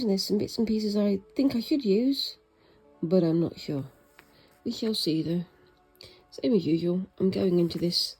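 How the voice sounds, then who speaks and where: Stitching away at a craft project, a British vlogger rambles a little and jokes at her own expense, at times speaking softly in casual chat. She has a mid-range, somewhat breathy voice. The recording quality is low.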